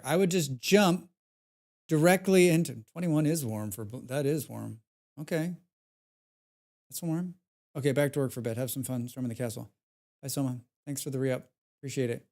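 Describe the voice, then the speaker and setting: Rambling male game streamer. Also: on the high side. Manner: rambling, filler-heavy, reads chat aloud; grows animated when recounting gameplay. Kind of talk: casual live-stream chat.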